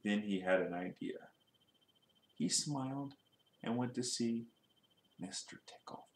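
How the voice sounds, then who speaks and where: Man reading a children's story, lively, asks questions, mid pitch, echoey room. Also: slow.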